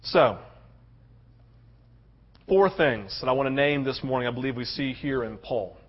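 A male pastor preaching a sermon, passionate, swinging between loud urgency and hushed tenderness. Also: medium pitch, measured pace. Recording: dull lo-fi sound.

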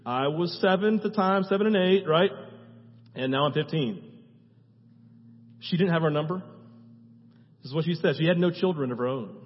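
A man with a fairly high, husky voice preaches a conversational sermon and keeps asking his listeners "right?". The recording is muffled, with long reverb from a church hall. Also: lively intonation, normal speed, long pauses. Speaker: pastor. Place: church sanctuary.

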